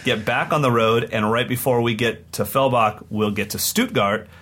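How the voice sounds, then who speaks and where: A man co-hosting a podcast, telling stories in an excited, rambling way in casual chat. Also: mid-range voice, normal speed, a little hiss or hum. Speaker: podcast co-host and touring drum clinician.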